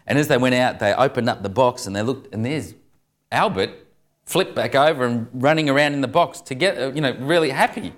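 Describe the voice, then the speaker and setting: A man's voice: mid-range voice, fairly quick. A man preaching a sermon, telling jokes and stories and chuckling at the punchlines. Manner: jokey storyteller, chuckles through punchlines.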